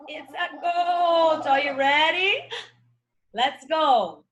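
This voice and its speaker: A woman's voice: high-pitched, animated, drawn-out words, a bit bright. A young adult woman with a Brazilian Portuguese accent, teaching English to children in an online lesson and spelling words out letter by letter with encouragement.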